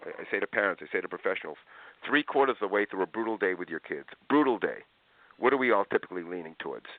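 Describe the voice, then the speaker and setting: A man talking as an interview guest about parenting, telling stories in an animated way and acting out parents and kids in raised voices. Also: low voice, quick pace, no room sound. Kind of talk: lively interview storytelling. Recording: tinny phone-like line.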